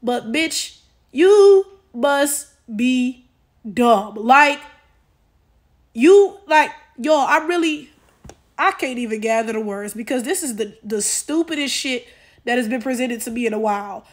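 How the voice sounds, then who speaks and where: A woman ranting in a casual commentary video, exasperated and animated, using lots of slang and talking straight to her viewers. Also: a little high, unhurried. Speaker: commentary YouTuber.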